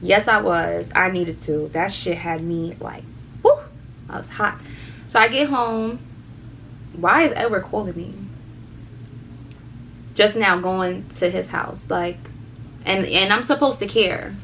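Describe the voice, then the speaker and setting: A young woman vlogger chatting casually through a story, animated, swearing and repeating words for emphasis. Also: medium pitch, slow, gravelly, long pauses, a little hiss or hum, rough recording.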